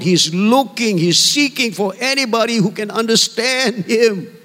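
A man's voice: high-pitched, a little slow, sharp tone. A man pastor giving an earnest, conversational sermon to a church, often calling for amen. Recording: long hall reverb.

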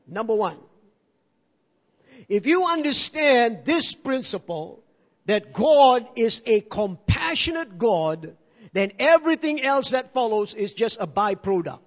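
An older man preaching with a strikingly high voice, pressing his points by repeating words and calling out for amens. His voice rings through a reverberant church hall and sounds a little dull and muffled. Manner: emphatic, repeats key words, calls for amens. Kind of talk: sermon.

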